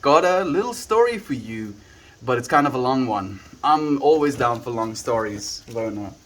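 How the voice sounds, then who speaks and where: South African man, mid-pitched, relaxed livestream chatter, phone mic at home. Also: normal speed, a little hiss or hum. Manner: laid-back, musing, thanks viewers by name. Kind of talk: casual livestream chat with viewers. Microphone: handheld phone.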